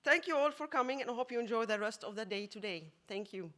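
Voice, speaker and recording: A woman from Egypt, a math teacher giving an emotional acceptance speech, laughing often and pausing with fillers. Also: on the high side, expressive, heavy background noise.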